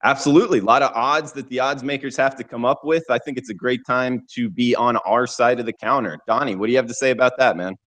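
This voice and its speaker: A man with a Southern US accent hosting a sports betting roundtable, relaxed and friendly with his guests. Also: medium pitch, quick pace, few pauses. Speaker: host.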